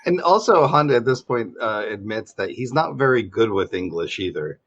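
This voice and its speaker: A man's voice: mid-range voice, expressive, moderate pace, fairly bright tone, breathy edge. A man co-hosting a podcast in casual chat, chiming in with wry remarks and thinking aloud. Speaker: podcast co-host. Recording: dull lo-fi mic sound.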